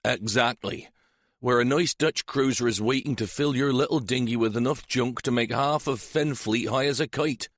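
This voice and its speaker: A man's voice: mid-range voice, moderate pace, no echo, pitched above the performer's own voice, natural voice. A man voicing a shrewd, sly older police sergeant, teasing and relishing menace.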